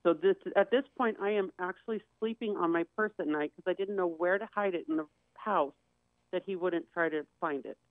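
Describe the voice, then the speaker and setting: A woman's voice: fairly low pitch, a little fast, no room sound. Woman telling her story over thin audio. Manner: candid, acts out quoted voices. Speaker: guest. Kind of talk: personal storytelling on a talk show. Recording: tinny phone-like dry sound.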